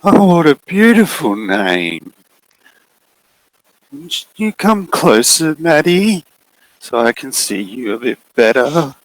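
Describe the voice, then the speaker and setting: A lurking shadow creature, put on by a man running a tabletop game, speaks in a slow, silky, coaxing voice. Every sweet word hides a threat, and the pitch sits above the man's own. The sound is dry and close. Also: very animated, dry recording, rough recording. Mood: coaxing menace. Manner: slow, soft, wheedling, growing urgent. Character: coaxing menacing shadow being in darkness.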